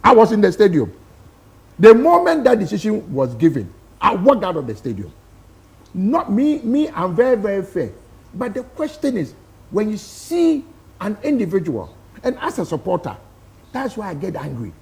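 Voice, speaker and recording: A man's voice: high voice, wildly swooping pitch, moderate pace, vocal fry, darkish tone. A man with a Ghanaian accent arguing emphatically as a studio guest on a talk show, throwing out rhetorical questions. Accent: Ghanaian English. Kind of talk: impassioned studio debate.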